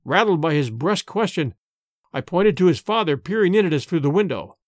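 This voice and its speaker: A man narrating a first-person story in a dramatic, expressive way. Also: a little high, a little fast, no room sound. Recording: dry close recording with faint music.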